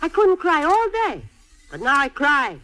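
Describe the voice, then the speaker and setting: An actress playing a blunt, grieving widow and seamstress. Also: female voice, high-pitched, very animated, measured pace, low-quality recording. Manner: blunt, scolding then tender. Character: fiery grieving Italian-American widow seamstress. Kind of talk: stage or film drama acting.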